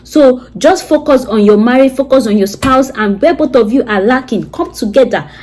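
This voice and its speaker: Vlogger, woman, thirties, preachy advice delivery, somewhat high voice. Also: moderate pace, darkish tone, rough recording. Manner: earnest, preachy, repetitive. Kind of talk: advice monologue to camera.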